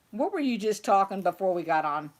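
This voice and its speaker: A woman's voice: medium pitch, very animated, normal speed. A middle-aged woman chatting and teasing while she crafts on a home livestream. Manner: chatty, teasing, self-correcting. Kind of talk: casual chat while crafting.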